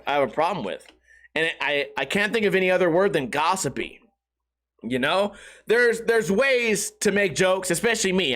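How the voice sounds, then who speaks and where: A man's voice: high-pitched, a bit bright. A man hosting a podcast, talking in a profane, rambling, self-mocking way. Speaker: podcast host. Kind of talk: casual podcast monologue.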